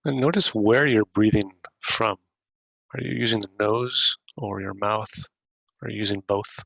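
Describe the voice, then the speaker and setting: A man hosting a podcast, gently guiding a breathing meditation with unhurried questions to the listener. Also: on the low side, gravelly, no echo, rough recording. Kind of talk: guided meditation.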